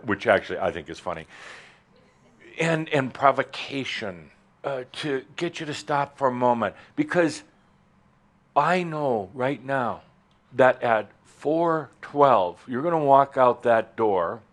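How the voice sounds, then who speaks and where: A man speaks at a middle pitch to a live audience in a hall, giving a spiritual talk. He is playful and provocative, jumping suddenly from quiet remarks to loud, high exclamations. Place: warm hall with doors, in front of an audience.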